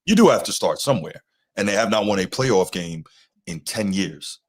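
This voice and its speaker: A man's voice: lowish voice, animated, normal speed. A man hosting a casual sports podcast, easygoing, steering the talk and inviting callers. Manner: easygoing, steers the talk, reads out the call-in number. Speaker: podcast host.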